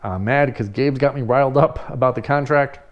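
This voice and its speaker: Speaking briskly at medium pitch, the owner of a party rental company spins an animated, casual story full of swearing and occasional laughter. The audio sounds dull.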